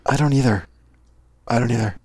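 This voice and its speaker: A man in casual podcast chat, halting and self-deprecating, laughing often. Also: mid-range voice, a little mellow, breathy edge, dry recording, studio quality. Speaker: podcast guest.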